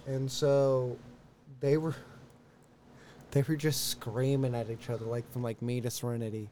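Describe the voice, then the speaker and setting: A man in a casual podcast chat telling profane, animated stories and mimicking other people as he goes. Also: medium pitch, a little slow, a little hiss or hum.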